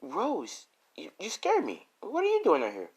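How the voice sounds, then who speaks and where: A man putting on a high shrill frightened schoolgirl. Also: unhurried. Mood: startled. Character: panicked teenage girl victim, pleading. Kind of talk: improvised storytelling.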